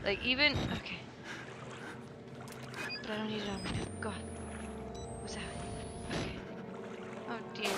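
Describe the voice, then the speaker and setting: A woman's voice: mid-range voice, measured pace, pauses often, music in the background, low-quality recording. A young woman commentating a horror game while scared, jumpy and exclaiming, breaking into nervous laughter. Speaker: gameplay commentator. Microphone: desk microphone, knocked about. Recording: faint background noise.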